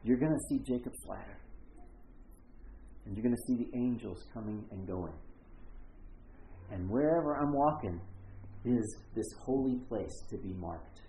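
A man preaching a conversational sermon as pastor, acting out the characters' lines in quick voices. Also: mid-range voice, mellow, roomy sound, a little hiss or hum, poor audio.

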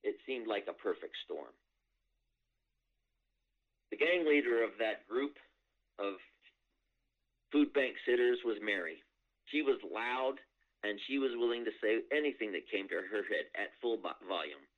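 A male priest preaching a sermon, telling a story in a measured way with pauses. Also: fairly low pitch, lively intonation. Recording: dull lo-fi recording.

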